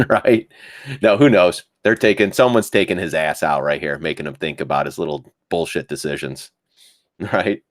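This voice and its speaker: Man, low voice, live trading stream host, casual chatty commentary, frequent laughs. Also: normal speed. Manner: chatty, laughs often, mimics panicked traders.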